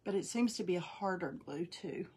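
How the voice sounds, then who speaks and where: A woman's voice: lowish voice, animated, moderate pace, a little mellow, breathy edge. A middle-aged woman casually demonstrating a craft live, chatting folksily, thinking aloud and greeting viewers by name.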